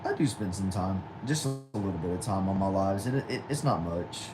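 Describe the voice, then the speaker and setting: Young guy on a home livestream, lowish voice, reads chat and answers wryly, steady air-conditioner hiss. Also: a little fast. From Texas. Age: 20s. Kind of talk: casual livestream chat reading comments. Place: small back room at home.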